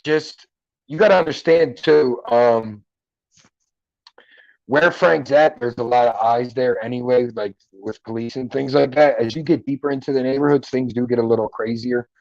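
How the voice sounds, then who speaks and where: A man's voice: medium pitch, fairly even intonation, normal speed, gravelly, darkish tone, no echo, dull audio. A middle-aged man hosting a livestream, chatting casually and joking with viewers' comments in a loose, profane way. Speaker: livestream host. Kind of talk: casual chat reading live comments. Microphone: headphones and mic at a computer.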